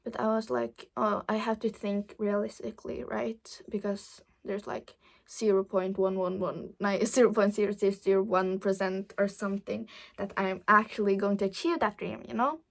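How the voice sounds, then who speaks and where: A woman's voice: mid-range voice, fairly even intonation, normal speed, gravelly. A teenage girl chatting casually to camera, rambling and hesitant with many fillers, sometimes dropping to a whisper. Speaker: vlogger. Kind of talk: casual chat.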